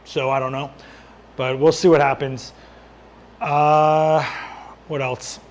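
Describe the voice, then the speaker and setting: A man hosting a casual live-stream Q&A as a photographer, answering viewer questions while he adjusts his lights, his voice worn and going hoarse. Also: a little high, little pitch movement, takes it slowly, a little hiss or hum. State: losing his voice.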